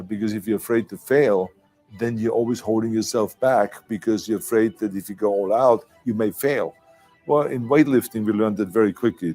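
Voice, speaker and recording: A man's voice: on the low side, darkish tone. An older man with a German accent giving an emphatic motivational speech, with small slips in his phrasing. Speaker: motivational speaker.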